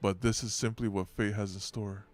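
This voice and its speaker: A man voicing a cold, scheming priest in a game story, reading in a cool, measured way. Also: on the low side, fairly even intonation, soft background music, natural voice. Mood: coldly menacing.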